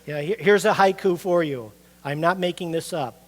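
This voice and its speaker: A middle-aged man preaching a sermon as a pastor, conversational and animated, asking the congregation rhetorical questions. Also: a little high, normal speed, few pauses.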